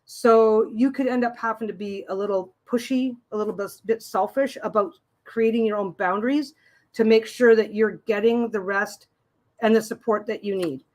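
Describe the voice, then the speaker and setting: On her tarot livestream, a middle-aged woman rambles in casual chat, restarting sentences often while reading out and answering viewer comments. Her mid-range voice is a little mellow and moves at a normal speed.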